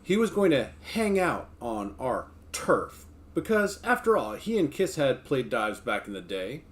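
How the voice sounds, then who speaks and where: A man's voice: medium pitch, very animated, a little slow. A man streaming casually, joking with his viewers and reading a book aloud between chats. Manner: laid-back, joking, talks to chat between passages.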